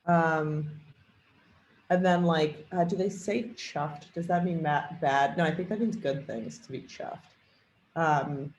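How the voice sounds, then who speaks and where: A man leading a software training demo, thinking aloud with a lot of fillers and hesitation. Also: on the high side, fairly even intonation, slow, a little hiss or hum. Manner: rambling, hesitant, many fillers. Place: at a computer. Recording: echoey room with faint typing.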